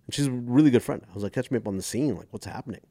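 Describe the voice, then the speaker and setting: A guest comedian from the United States, a man in his forties, tells stories in casual podcast chat at a racing pace with a medium-pitched voice. He animatedly acts out the voices of people he quotes, and the recording is dry.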